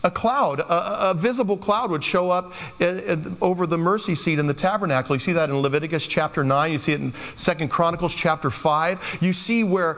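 A man's voice: on the high side, a bit bright. A man preaching a sermon in a loose, conversational way, slipping into playful quoted asides. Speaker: pastor. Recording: long hall reverb.

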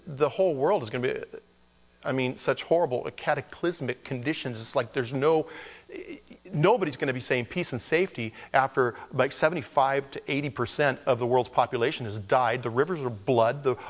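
A male pastor preaches in a loose, conversational style, joking and slipping into high mock voices to mimic people. His voice sits at a middle pitch. A long hall reverb trails behind every phrase. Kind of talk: conversational sermon.

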